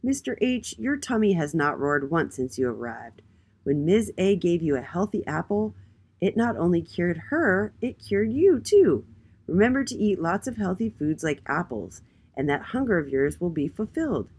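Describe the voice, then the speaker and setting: A woman voicing a proud, kindly male king in a children's storybook, speaking loudly and grandly. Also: on the low side, big pitch swings, moderate pace, breathy edge, voice pushed up, full character voice. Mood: regal, jolly. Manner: loud, proud and warm. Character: regal booming male king, kind and jolly.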